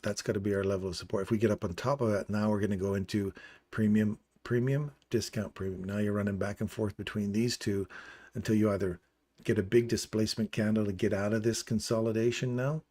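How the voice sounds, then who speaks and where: A man with a slightly low voice talks through price charts on a live stream. His delivery is casual and explanatory, and he keeps pointing at levels on the screen as he goes. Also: fairly even intonation, fairly quick, mellow. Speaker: trading stream host. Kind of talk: live trading chart walkthrough.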